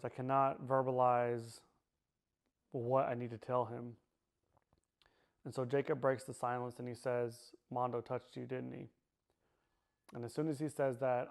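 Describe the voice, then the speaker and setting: A man giving a personal testimony in a halting way, repeating himself and often pausing with fillers. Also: medium pitch, darkish tone, smooth. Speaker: survivor sharing his personal story.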